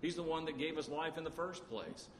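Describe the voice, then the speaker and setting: A man preaching a sermon, talking in a halting way with frequent pauses and restarts. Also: a little high. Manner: halting, many uh fillers and restarts. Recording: echoey hall with faint noise.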